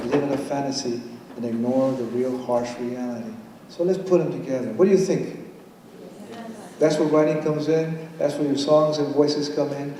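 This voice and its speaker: A man's voice: medium pitch, a little hiss or hum. An older man reading his poems to an audience in a playful way, mixing English and Spanish and calling on the crowd to join in. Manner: playful, switches between English and Spanish, reads with bursts of excitement. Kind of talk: live poetry reading with audience call-and-response. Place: large hall at a college event. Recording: echoey hall from far off, audience ambience.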